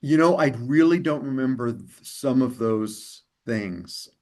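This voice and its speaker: A man's voice: medium pitch, animated, unhurried, a little mellow. A man in casual conversation, a family member of the host, hesitant and giving short replies with restarts.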